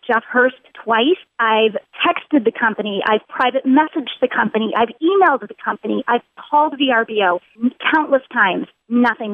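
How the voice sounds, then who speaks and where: A woman's voice: on the high side, no room sound. Earnest woman caller on a phone line. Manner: earnest and aggrieved, builds emphasis through repetition. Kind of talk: telling her story on a call-in show. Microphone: telephone.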